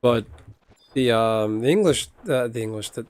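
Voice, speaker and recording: A man's voice: mid-range voice, moderate pace, darkish tone, clean tone, no room sound. Chatty American man, rambling. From United States. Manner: rambling, chatty, swears casually. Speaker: streamer. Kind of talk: casual chat while gaming.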